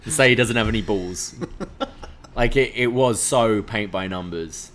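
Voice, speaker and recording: A man's voice: lowish voice, normal speed, a bit bright. A man co-hosting a live wrestling watch-along, talking casually in a dry, critical, matter-of-fact way. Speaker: livestream co-host.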